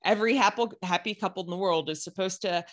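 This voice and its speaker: A woman's voice: lowish voice, fast talker. A woman co-hosting a podcast, giving opinions emphatically in casual chat. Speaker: podcast co-host.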